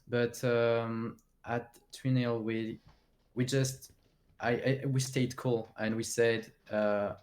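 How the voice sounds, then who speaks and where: A man with a French accent, a player answering post-match interview questions in halting English and often searching for words. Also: mid-range voice, a little mellow.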